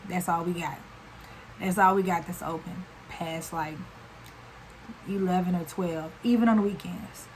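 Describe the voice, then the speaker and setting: A woman's voice: fairly low pitch, steady tone, measured pace, pauses often, a little hiss or hum, rough recording. Chatty young woman telling a story. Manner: chatty, slangy, runs on with fillers. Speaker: vlogger. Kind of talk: casual storytime.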